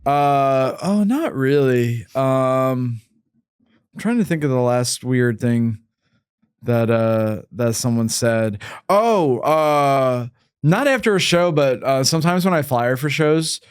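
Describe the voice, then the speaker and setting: A man's voice: medium pitch, lively intonation, slow pace, smooth, no room sound. A man hosts a podcast in a loose, casual chat. He talks with lots of fillers and restarts. His voice sits mid-range and sounds close and dry, with no room around it. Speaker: podcast host.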